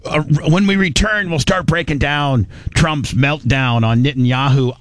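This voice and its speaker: A man's voice: a little high, normal speed, hardly any pauses, a bit bright, dry recording. A man hosting a talk radio show, giving blunt, mocking commentary that rambles and repeats words as he goes. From United States.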